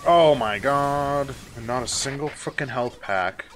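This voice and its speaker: A man's voice: medium pitch, measured pace, slight background noise. A man giving casual let's-play commentary, exasperated and swearing often as he talks back at the game. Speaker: gaming YouTuber.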